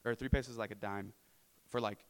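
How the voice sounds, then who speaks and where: A man's voice: lowish voice, fairly even intonation, quick pace, smooth, poor audio. A young man telling his supporters about his mission work in a casual, earnest way, with many fillers and tag questions. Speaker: returned mission volunteer. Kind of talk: personal testimony to supporters.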